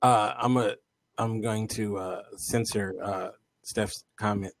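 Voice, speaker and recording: A man's voice: fairly low pitch, steady tone, takes it slowly, gravelly, no room sound. A man co-hosting a casual talk show, chatting loosely and reading viewer comments aloud, with many fillers and restarts. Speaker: co-host.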